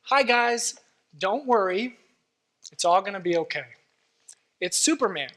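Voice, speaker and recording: A man's voice: high voice, lively intonation, measured pace, a bit bright. A man playing a confident, boastful superhero promising to carry the plane, in a sermon illustration. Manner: boastful, upbeat. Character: confident heroic male superhero.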